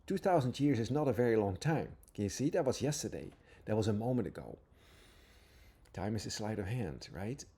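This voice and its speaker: Man, low mellow voice, earnest spiritual teacher, reads passages aloud and keeps asking "right?". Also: animated, brisk, husky. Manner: earnest, repeatedly asks "right?". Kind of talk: informal spiritual talk with readings.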